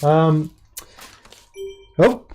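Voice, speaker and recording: A man talks through a product launch in a loose, chatty way, amused by his own asides. His voice has a mellow, soft tone. He thinks out loud as he goes. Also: fairly high pitch, animated, drawn-out words. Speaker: independent publisher and host. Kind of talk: casual livestream product launch.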